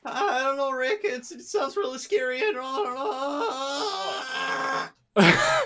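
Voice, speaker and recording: A jittery cartoon teenage boy , put on by a man, stammers in a thin, strained pitch far above a grown man's. The voice whines and wobbles, anxious at every word. It is a quick comic impression on a casual stream. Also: very animated, a loud crowd, exaggerated voice. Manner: stammering, whiny.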